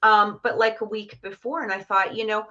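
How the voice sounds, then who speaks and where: A woman's voice: mid-range voice, fairly even intonation, moderate pace, bright, forceful tone. A middle-aged woman telling a personal story in a casual, chatty way, full of fillers and restarts. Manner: chatty, many fillers and restarts, laughs often. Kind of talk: casual storytelling on a live stream. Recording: muffled lo-fi stream audio.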